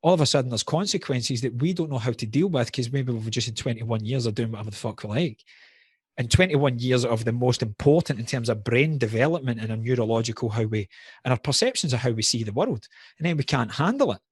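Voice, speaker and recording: A man's voice: mid-range voice, lively intonation, quick pace, breathy edge, no echo, clean studio sound. A man in a casual podcast conversation, blunt and candid, swearing freely while reflecting on personal wounds.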